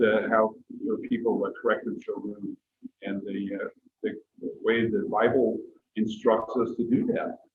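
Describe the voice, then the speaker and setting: An older man leads a church Bible class in a rambling, earnest way, with many fillers. His voice sounds thin and phone-like, with a roomy echo and faint hiss behind it. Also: medium pitch. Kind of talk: sermon-like class talk and prayer. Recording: tinny echoey room recording.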